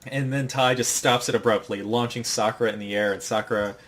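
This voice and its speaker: A young man co-hosting a podcast, casually recapping an anime episode in a rambling way and acting out the characters' lines in quick put-on voices. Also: medium pitch, fairly even intonation, a bit bright. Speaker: podcast co-host.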